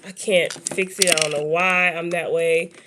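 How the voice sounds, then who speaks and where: A woman's voice: on the low side, fairly even intonation, moderate pace, noisy background. A young adult woman vlogger chatting candidly and rambling, laughing often as she talks. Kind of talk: casual chat.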